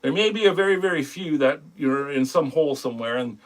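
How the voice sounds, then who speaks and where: Male stream host with a high voice, loose and rambling, chatting with viewers between carving projects. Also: expressive, brisk. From Canada. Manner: rambling, friendly, greets chat viewers by name. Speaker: woodcarving live-stream host. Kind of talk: casual live-stream chat.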